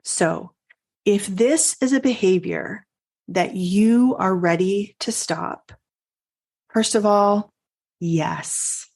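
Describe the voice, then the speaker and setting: A middle-aged woman who is a life coach hosts a coaching podcast, sharing a personal story earnestly and reflectively, pausing and restarting as she goes. Her voice is medium-pitched with a darkish tone.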